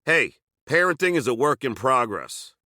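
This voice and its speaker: Lively, bright-voiced man telling crude stories. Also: mid-range voice, normal speed, no room sound, studio quality. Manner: crude, sarcastic storytelling. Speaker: memoir narrator. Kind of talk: reading his own memoir aloud.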